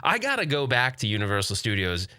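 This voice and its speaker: A man's voice: mid-range voice, huge pitch swings, fast, bright, forceful tone, smooth, no room sound, clean studio sound. A man in his forties hosting a podcast, rambling casually through listener questions and laughing often. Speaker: podcast host. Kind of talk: casual chat reading live chat questions.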